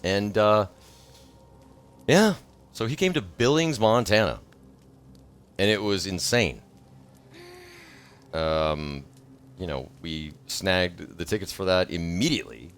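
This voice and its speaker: A man in his thirties chatting casually on a livestream, rambling from thought to thought and bursting into excited shouts. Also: deep voice, measured pace, long pauses. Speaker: streamer.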